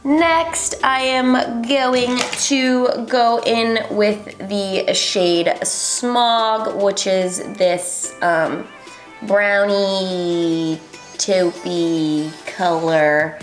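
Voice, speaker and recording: Young woman doing a makeup tutorial, slow rambly talk, lots of ums, roomy sound. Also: medium pitch. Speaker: beauty vlogger. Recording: echoey room, faint music.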